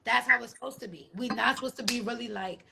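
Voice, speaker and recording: A woman hosting a casual live-stream chat, talking in an emphatic, profane, reassuring way with big swings in pitch. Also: fast talker, vocal fry, background noise. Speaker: host. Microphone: phone.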